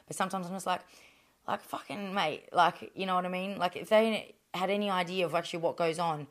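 A woman's voice: lowish voice, fairly quick. An Australian woman in her thirties, a boxer talking candidly in an interview, blunt and full of swearing, fillers and restarts.

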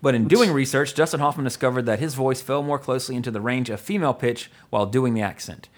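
A man with an ordinary mid-pitched voice hosts a casual podcast conversation. He rambles through his thoughts, piling up fillers and restarts and breaking into small laughs. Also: fast talker. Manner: rambling, filler-heavy, with frequent chuckles. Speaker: podcast host. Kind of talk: casual film-review chat.

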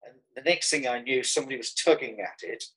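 A man from Birmingham with his regional accent and a slightly husky, breathy voice, telling a winding story in a relaxed interview. He restarts phrases often and chuckles along. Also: mid-range voice, quick pace, poor audio. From Birmingham, England. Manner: rambling anecdotal storyteller with frequent restarts and chuckles. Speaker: artist guest.

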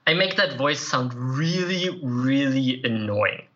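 A man's voice: mid-range voice, lively intonation, slow, a bit bright, muffled recording. A man speaking as a podcast guest, a self-improvement writer and coach, answering earnestly and reflectively with the odd light laugh. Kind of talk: conversational interview answers.

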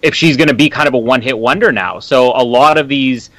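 A man's voice: medium pitch, fast, a bit bright, no room sound, low-quality recording. A man from Canada co-hosting a casual sports chat podcast, making wry, dry jokes. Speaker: podcast co-host.

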